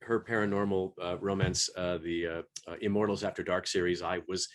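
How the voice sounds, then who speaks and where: A man who is an audiobook narrator and stage actor, talking on a panel in a halting way with many fillers and restarts. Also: deep voice, fairly even intonation. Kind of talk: panel discussion.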